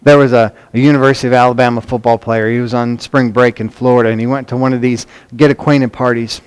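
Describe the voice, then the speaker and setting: A man's voice: medium pitch, steady tone, quick pace, clear, resonant tone. A man preaching a sermon, emphatic and earnest, often repeating words as he drives points home. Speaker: pastor.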